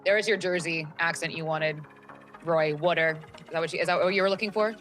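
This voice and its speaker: A woman's voice: fairly low pitch, rapid-fire, fairly bright tone. A woman hosting a live esports desk show in a bubbly, chatty way. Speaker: host.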